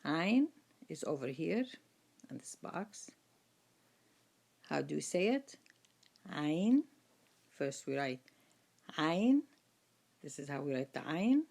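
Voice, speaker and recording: Slow, patient woman teaching letters. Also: low-pitched, big pitch swings, vocal fry, a little mellow. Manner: patient, repeats each sound several times. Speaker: Quran reading teacher. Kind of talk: slow step-by-step lesson.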